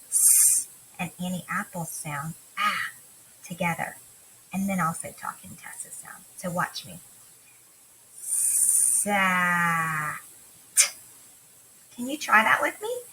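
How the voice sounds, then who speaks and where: A woman teaching little children their letter sounds, speaking at an unhurried pace. Her voice sits a little low but has a bright, forward edge. A faint hiss runs under her computer-mic recording. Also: lively intonation, low-quality recording. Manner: slow, warm sing-song teacher talk, drawing out letter sounds. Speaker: kindergarten teacher. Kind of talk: remote phonics lesson for young children.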